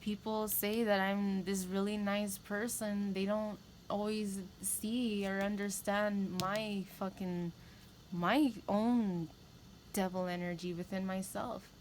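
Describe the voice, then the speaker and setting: A woman's voice: mid-range voice, level tone, slow, a little mellow, slight background noise, poor audio. A woman giving a tarot reading, talking candidly and rambling, with emphatic repeats. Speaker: tarot reader. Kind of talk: casual spiritual talk to camera.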